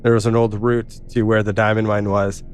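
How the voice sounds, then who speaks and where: A man's voice: lowish voice, level tone, brisk, soft background music. A man as game master narrating a tabletop game in a loose, rambling way.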